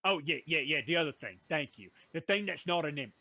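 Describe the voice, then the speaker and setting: A man recapping a tabletop game session in a playful, rough-talking manner, full of slang and asides. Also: fairly high pitch, expressive, fairly quick, crowd noise. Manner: playful rough-talking brute drawl, "me brother", "we was".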